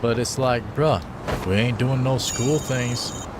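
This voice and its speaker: A man's voice: medium pitch, slow, noisy background. A man joking loosely in slang while live-streaming a game. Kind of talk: casual live-stream commentary.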